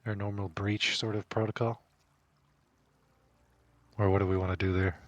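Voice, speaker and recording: A man playing a tabletop game, talking through tactics in a laid-back, dry manner. His voice sits somewhat low. The sound is close and dry, with no room echo. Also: flat delivery, normal speed, muffled recording. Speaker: player. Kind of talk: casual tabletop game chat.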